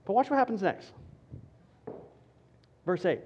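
A male pastor preaching a sermon with an emphatic, repetitive rhetorical cadence that drops to quiet for stress. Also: high voice, sing-song, a little slow, breathy edge, muffled recording.

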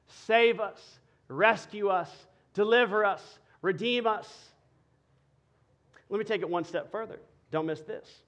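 High-voiced preaching pastor. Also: male voice. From Texas. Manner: preaching, rising to loud passionate emphasis. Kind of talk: sermon.

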